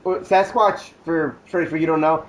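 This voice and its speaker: A man's voice: a little high, steady tone, unhurried, rough recording. A young man co-hosting a podcast, rambling in casual chat with lots of filler words and silly mock voices. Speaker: podcast co-host.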